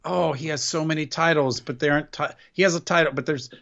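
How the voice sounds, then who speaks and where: A man's voice: fairly high pitch, fast, creaky, fairly bright tone, highs cut off. A man co-hosting a casual wrestling podcast, sarcastic and complaining, often tripping over his words. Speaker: podcast co-host. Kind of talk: casual wrestling recap chat.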